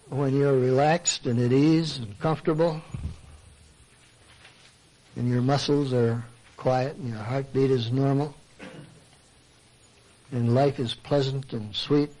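A man's voice: on the high side, darkish tone, low-quality recording. An older man giving a conversational sermon, asking rhetorical questions and acting out his listeners' objections. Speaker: Christian speaker and counselor. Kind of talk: sermon talk.

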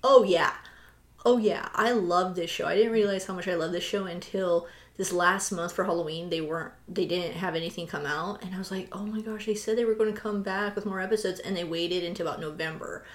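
Woman podcaster rambling casually, lots of "like", roomy echo around her. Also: fairly low pitch. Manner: chatty, lots of "like" fillers, animated retelling. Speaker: podcast co-host. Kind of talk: casual chat.

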